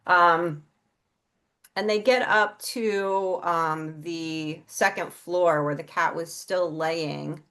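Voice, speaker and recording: Middle-aged woman, low-pitched voice, candid storyteller, swears freely, casual interview guest. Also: steady tone, very slow, a bit bright. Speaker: interview guest, psychic and healer.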